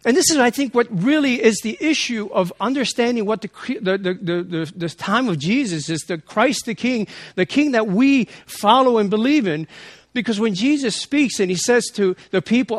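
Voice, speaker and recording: High-voiced man reading and preaching a sermon. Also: expressive, normal speed, dry recording, clean studio sound. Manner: earnest, rising in intensity, with restarts. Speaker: priest.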